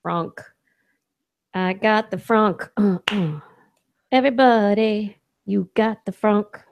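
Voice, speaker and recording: A woman's voice: medium pitch, takes it slowly, gravelly, a little hiss or hum. A woman co-hosting a podcast in casual pre-show banter, emphatic and playfully indignant. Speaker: podcast co-host.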